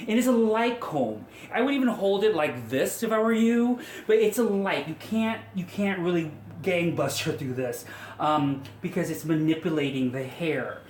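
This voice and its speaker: A man's voice: on the high side, animated, moderate pace, a little mellow, a little hiss or hum. A man, a hairstylist, talking viewers through a hair styling tutorial step by step in a chatty, coaxing way with self-mocking asides. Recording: echoey room with faint ambience.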